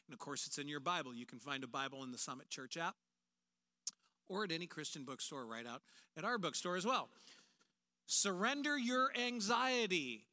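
A man with a high, bright voice preaches a sermon to a large church auditorium. He talks in an animated way and slips into quoted voices. His tone stays sharp and forward. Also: moderate pace. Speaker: pastor.

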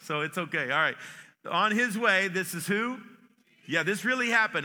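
A man's voice: high-pitched, lively intonation, moderate pace, pushed and bright, long reverb tail. A man preaching a sermon in a church, folksy and joking in manner, with many restarts. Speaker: pastor. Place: church sanctuary.

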